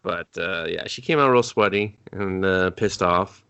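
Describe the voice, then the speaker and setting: A man's voice: deep voice, measured pace, a bit bright, clear, resonant tone. A man co-hosting a movie review podcast in casual chat, cursing freely as he acts out scenes.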